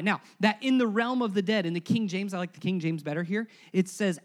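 A male pastor preaching a sermon to his congregation in church, moving from loud emphasis to hushed, low passages. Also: a little fast, hardly any pauses. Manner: animated preaching, swings between loud emphasis and hushed lows; conversational, asks the congregation to repeat words.

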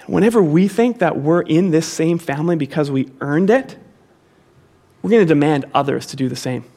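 A man's voice: on the high side, animated, moderate pace, mellow. A pastor preaching a sermon to his congregation, repeating key phrases for emphasis and calling the listeners to say them back with him.

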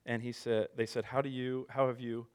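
A man's voice: medium pitch, level tone, moderate pace, a little mellow, clean tone. A man in his thirties preaching a sermon as a pastor, conversational, telling stories with self-deprecating humor.

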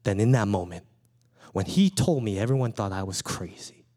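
A pastor delivering a sermon, a man in his thirties who tells stories from his own life. His pitch swoops and rises as he talks. He keeps an animated, playful storytelling manner. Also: normal speed. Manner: animated storytelling, acts out his small daughter's lines.

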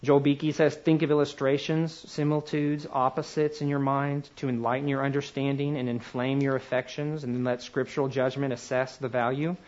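A man's voice: mid-range voice, little pitch movement, darkish tone, muffled recording. Man giving a conversational lecture. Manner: conversational, slows to emphasize words one at a time. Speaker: teacher. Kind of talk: classroom lecture.

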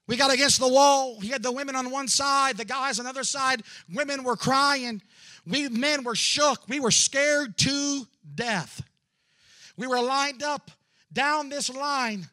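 A man in his forties preaching a dramatic testimony, moving between hushed storytelling and loud fervor with drawn-out "uh" fillers. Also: very high voice. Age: 40s. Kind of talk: sermon testimony.

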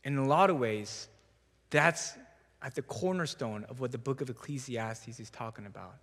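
A young adult man giving a sermon in a church, telling a story in a relaxed, conversational way with self-deprecating humor. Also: medium pitch, normal speed, long reverb tail. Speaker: preacher. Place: church sanctuary.

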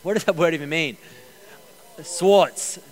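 A man preaching a sermon as pastor, energetic, repeating key phrases and joking with the congregation. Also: a little high, fairly quick. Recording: long hall reverb.

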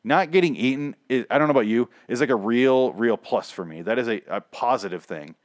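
Brief: man, casual profane recapper, sarcastic and rambling, mid pitch, dry close sound. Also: animated, a little fast, no echo. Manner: sarcastic, rambling, heavy swearing. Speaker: show reviewer.

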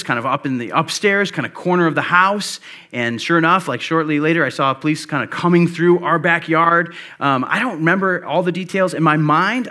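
Bright-voiced man preaching conversationally. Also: on the high side. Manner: conversational storytelling with many fillers. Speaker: pastor. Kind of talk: sermon.

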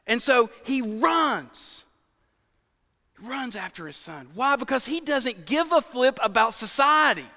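High-voiced preacher in a reverberant hall. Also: male voice. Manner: conversational preaching, swings from loud to near whisper. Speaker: pastor. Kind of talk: sermon.

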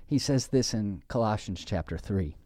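A man preaching a sermon, measured and emphatic, slowing down to stress key phrases. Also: fairly low pitch, animated, mellow, dry recording, studio quality. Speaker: pastor.

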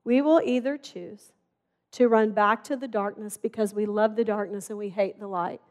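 A woman's voice: mid-range voice, moderate pace. A middle-aged woman preaching a sermon in a conversational, storytelling way. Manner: conversational, animated storytelling with acted-out dialogue.

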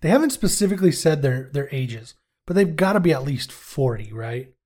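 Reviewing a TV episode on a podcast, this male co-host sounds on the high side with a darkish tone, speaking very animatedly and a little fast. His chat is casual, jokey, rambling, and loaded with swearing.

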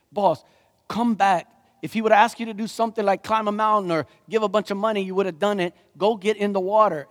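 A man preaching a sermon as a pastor, animated and joking, slipping into playful voices. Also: high voice, big-room sound.

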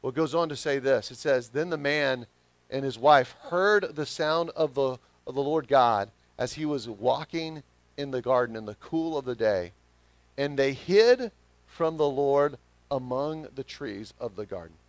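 A man with a Southern accent preaching a sermon as pastor, swinging from quiet reflection to emphatic, rising calls. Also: mid-range voice, animated, measured pace, dry recording. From Southern United States.

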